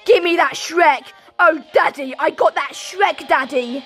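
A woman giving goofy, excitable gameplay commentary, shouting now and then, with a sore throat. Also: high voice, measured pace, few pauses, music in the background. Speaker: gaming video creator.

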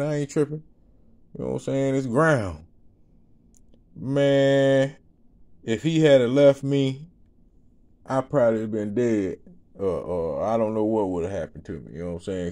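A man's voice: mid-range voice, warm tone. A man giving a loose, rambling testimony to an audience, laughing often and repeating "you know what I'm saying" in slangy speech. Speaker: ministry speaker.

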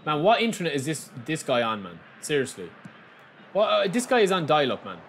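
A man from the giving excitable, frustrated live commentary on a football video game, talking to his viewers as lads. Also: a little high, brisk, a little hiss or hum. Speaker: gaming YouTuber.

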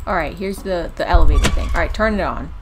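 A woman's voice: fairly low pitch, fast talker, a little hiss or hum. A woman playing a horror game and commenting, jumpy and exclaiming, laughing nervously and talking to her viewers. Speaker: gaming video creator.

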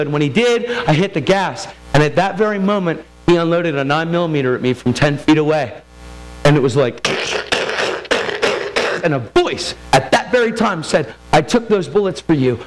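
A man's voice: fairly high pitch, poor audio. A man giving a sermon testimony, telling his story in a casual, streetwise way and acting out the voices of people in it.

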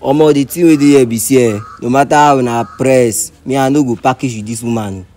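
A man's voice: medium pitch, steady tone, fairly quick, a crowd in the background. A man with a Nigerian accent in a street blind-date skit, arguing defensively in Pidgin. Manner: argumentative, defensive Pidgin talk.

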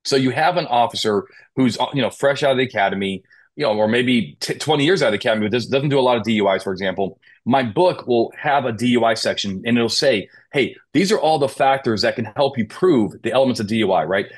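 Man, mid pitch, emphatic legal trainer on an interview podcast, asks rhetorical questions. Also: quick pace. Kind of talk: conversational interview. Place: Las Vegas.

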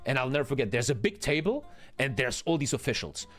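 A man, telling a story in an animated, profane, emphatic way. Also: medium pitch, fast talker, faint music behind. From Germany. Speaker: streamer host.

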